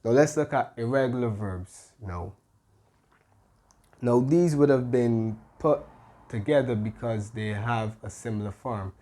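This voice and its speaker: A man teaching a grammar lesson, explaining patiently and pausing often with soft "mm-hmm" fillers. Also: medium pitch. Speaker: Spanish tutor.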